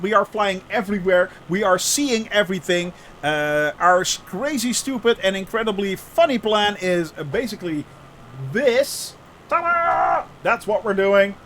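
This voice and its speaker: A man's voice: high voice, fairly bright tone, slight background noise, rough recording. A male streamer chatting casually with viewers during a live flight-sim game, greeting each by name with many fillers. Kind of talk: live-stream chat while flying.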